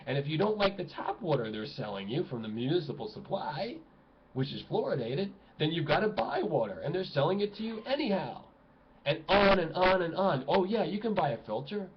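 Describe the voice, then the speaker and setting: Fired-up male vlogger, exclamatory outbursts and low muttering, dull home recording. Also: slight background noise. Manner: agitated, exclamatory, swings between loud outbursts and low mutters. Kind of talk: impassioned ranting monologue. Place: home room at a computer desk.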